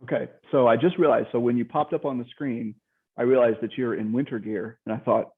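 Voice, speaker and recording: A man's voice: mid-range voice, steady tone, fairly quick, slightly rough. A man with a Midwestern American accent, a podcast host chatting casually and laughing easily over a video call. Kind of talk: casual interview chat. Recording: thin phone-like video-call audio.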